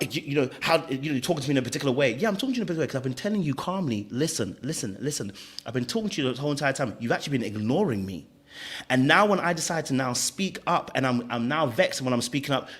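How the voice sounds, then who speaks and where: A man talks at a fast clip as a podcast co-host. He builds his argument emphatically and doubles up on words when he presses a point. His voice sits at an ordinary middle pitch. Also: fairly bright tone. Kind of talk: heated reality-show reaction talk.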